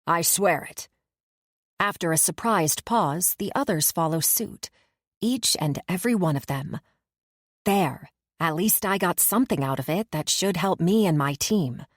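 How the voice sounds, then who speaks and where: Audiobook narrator: woman, lower register, measured first-person reading, dry booth. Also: animated, dry recording.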